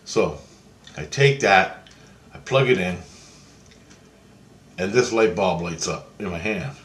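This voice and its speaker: A man's voice: deep voice, takes it slowly, fairly bright tone. A man casually telling a long story in a rambling, repetitive way, swearing freely. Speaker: vlogger. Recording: echoey room.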